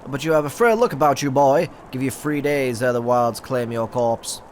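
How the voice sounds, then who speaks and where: A man's voice: mid-range voice, normal speed, darkish tone, slight background noise, close to an everyday voice. A man voicing a boastful male dragon-slayer leader in a fantasy game, reading the lines in an old-fashioned, theatrical way. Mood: condescending. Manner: mock-archaic, theatrical reading.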